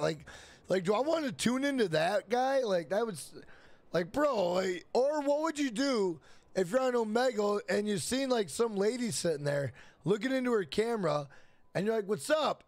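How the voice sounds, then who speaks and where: A man's voice: sits high, animated, moderate pace, no echo. A young man streaming a game, chatting loosely with profanity, repeating himself and reading chat questions aloud. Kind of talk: casual live stream chat.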